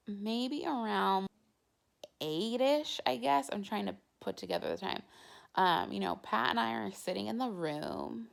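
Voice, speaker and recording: A young woman vlogging about her own experience, chatty and casual, with "like" dropped into nearly every phrase. Her voice sits on the lower side for a woman. It has a steady gravelly fry running through it. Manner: chatty, heavy use of "like" fillers. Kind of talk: casual personal storytelling.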